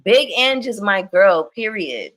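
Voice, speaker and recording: A young woman giving casual, animated livestream commentary on a reality show, laughing often. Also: medium pitch, takes it slowly. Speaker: reality TV recap streamer.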